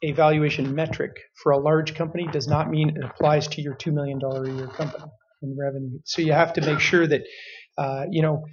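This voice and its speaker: A man's voice: on the high side, little pitch movement. A man on a conference panel explaining a point, with frequent fillers. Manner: measured, filler-heavy explaining. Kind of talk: panel discussion. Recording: muffled lo-fi with faint noise.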